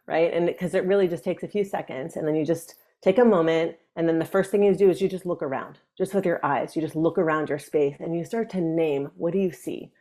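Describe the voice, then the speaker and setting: A woman guest on an interview podcast, a breathwork teacher speaking gently and reflectively. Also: sits low, a little fast, few pauses. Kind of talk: conversational interview.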